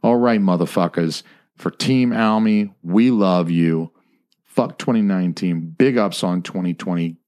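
A man's voice: low voice, measured pace, darkish tone. A man co-hosting a podcast, chatting casually in a profane, joking, rambling way. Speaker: podcast co-host.

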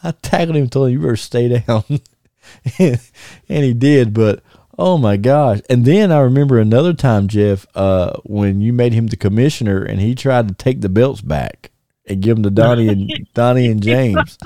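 A former wrestler, appearing as a podcast guest, casually tells old wrestling stories in a mid-range voice at normal speed. He's animated, laughs often, and keeps restarting sentences with plenty of fillers. The studio sound is clean, with no room sound.

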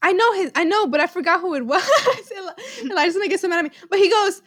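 A woman's voice: extremely high pitch, fast, dry recording, studio quality. A young woman co-hosting a podcast, chatting casually and laughing a lot as she recalls viral clips. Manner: giggly, animated, quotes viral clips in put-on voices. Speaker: podcast co-host, quiz contestant. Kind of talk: casual chat.

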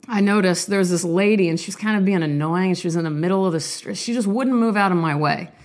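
Low-voiced woman chatting while sick. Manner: rambling, self-deprecating, candid. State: sick, coughing. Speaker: artist vlogger. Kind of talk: casual confessional chat and poetry reading.

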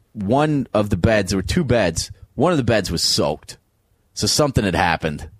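A comedian guest with a lowish voice tells a wild story in an interview, animatedly acting out the voices of the other people in it. There's no room sound on the recording.

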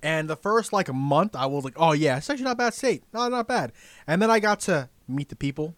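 A man's voice: on the high side, expressive, fairly bright tone. A man from Florida on a podcast, telling stories in casual chat and laughing often. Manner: fast, laughing storyteller. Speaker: podcast guest.

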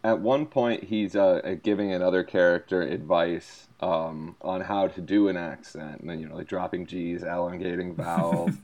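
A man's voice: low voice, steady tone, normal speed, few pauses, a little mellow, highs cut off, a little hiss or hum. A man co-hosting a casual podcast, riffing sarcastically and ranting in mock-serious bits. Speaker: podcast co-host. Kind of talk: casual chat.

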